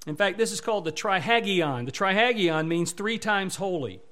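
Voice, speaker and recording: A man, a pastor, preaching a sermon with emphatic delivery that swells louder on repeated words. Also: high voice, expressive, moderate pace.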